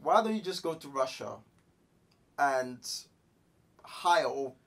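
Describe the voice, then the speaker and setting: A man's voice: mid-range voice, expressive, slow pace, fairly bright tone. A young man, co-host of a casual movie review, laid-back and asking questions. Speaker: podcast co-host.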